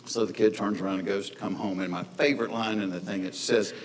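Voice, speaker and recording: A comedian telling a story on stage to a live audience in a folksy, earnest, conversational way. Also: male voice, on the low side, steady tone, fast, hardly any pauses, in a large hall, rough recording. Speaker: stand-up comedian.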